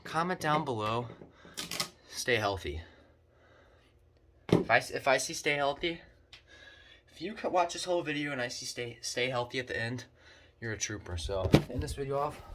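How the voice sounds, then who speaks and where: A man's voice: medium pitch, normal speed, long pauses, very noisy. A young man giving a casual, earnest motivational talk to camera, rambling and preachy as he reads out quotes. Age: young adult. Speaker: motivational vlogger.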